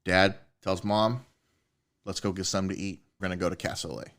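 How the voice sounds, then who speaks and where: Guy on a podcast, low voice, telling a story, cussing and getting hyped. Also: a little fast. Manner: animated, swears a lot, rising excitement. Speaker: podcast co-host. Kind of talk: casual storytelling chat.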